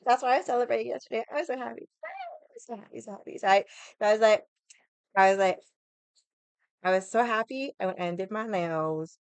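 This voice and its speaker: A woman's voice: on the high side, very animated, fairly quick, pauses often, smooth, no room sound. A young woman chatting casually with viewers on a livestream, rambling, swearing freely and laughing often. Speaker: livestream vlogger.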